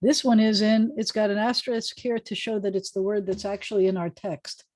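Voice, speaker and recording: A woman rabbi teaching an informal online Hebrew class over a video call, chatty and joking as she sounds out words slowly. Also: medium pitch, steady tone, a little mellow, dry recording.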